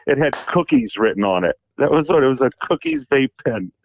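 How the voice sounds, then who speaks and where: A man's voice: medium pitch, big pitch swings, fairly quick, creaky, slight background noise. A man co-hosting a golf radio show, telling rambling, enthusiastic stories in casual chat.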